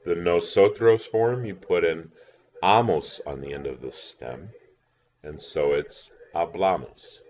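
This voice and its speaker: A man's voice: deep voice, darkish tone, muffled recording. A man teaching a recorded lesson, patient, spelling words out letter by letter. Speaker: language teacher.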